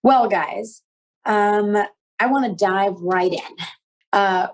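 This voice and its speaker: A woman's voice: on the low side, darkish tone, rough recording. A young woman hosting a conversation, presenting with eager, upbeat energy. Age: young adult. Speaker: host of the youth conversation. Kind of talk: scripted presenting and casual questions.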